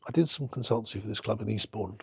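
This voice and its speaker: A man's voice: lowish voice, quick pace, creaky, husky, no room sound. A middle-aged man, a football club owner telling stories in a casual interview and acting out the conversations he recalls. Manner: animated anecdote-telling, acting out quoted exchanges.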